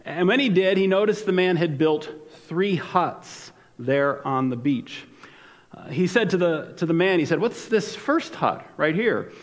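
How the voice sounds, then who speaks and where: A pastor giving a conversational sermon with frequent fillers and restarts. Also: male voice, a little high, unhurried. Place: church sanctuary. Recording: long church hall reverb.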